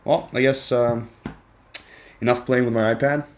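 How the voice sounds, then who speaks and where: A young man filming a casual unboxing, excitable and swearing often, jumping between hushed whispers and squeals. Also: mid-range voice, moderate pace, a little hiss or hum. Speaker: vlogger.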